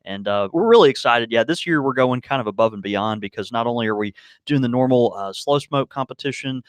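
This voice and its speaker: A man's voice: medium pitch, fairly quick, clean tone, no echo. A man co-hosting a podcast in an easygoing, enthusiastic way, with hesitant uhs. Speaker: podcast co-host. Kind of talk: casual chat.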